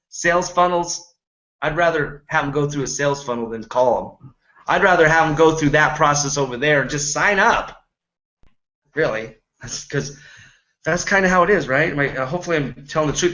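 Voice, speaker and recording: A man with a high, bright voice gives a motivational talk to camera. He rambles earnestly and keeps checking in with his listeners, and the recording sounds dull and lo-fi. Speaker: home business coach.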